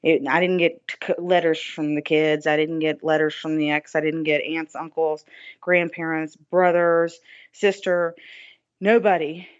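A woman's voice: sits low, flat delivery, a little slow. A woman guest on a podcast interview, telling a personal story in an earnest, reflective way, often saying "you know". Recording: dull lo-fi dry recording.

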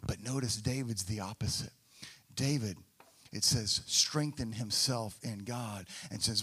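A man preaching a sermon as a pastor, swinging from hushed, quiet passages to loud, emphatic ones and acting out the voices of people he quotes. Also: lowish voice, measured pace, husky.

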